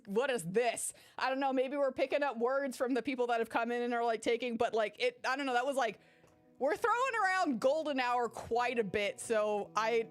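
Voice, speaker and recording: A gaming YouTuber with a slightly high voice chats casually through a game playthrough, rambling and swearing freely. Her voice swings in big animated ways as she tells a story over game music.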